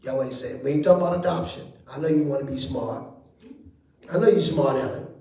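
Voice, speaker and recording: A man preaching at a Bible study, talking folksy and plain, calling out to the congregation and rising now and then into shouts. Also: medium pitch, fairly quick, roomy sound. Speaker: bishop teaching Bible study.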